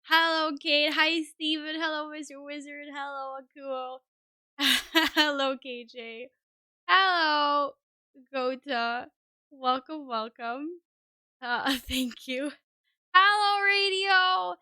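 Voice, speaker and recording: A woman's voice: high voice, fairly even intonation, takes it slowly, sharp tone, no echo, studio quality. A woman streamer chatting casually and scatteredly with her viewers, self-deprecating and swearing often. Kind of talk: casual live-stream chat.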